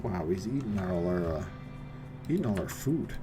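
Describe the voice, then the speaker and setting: A man commentating his own game play with wry remarks, dropping to mutters and then shouting. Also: deep voice, expressive, normal speed, over music. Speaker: streamer.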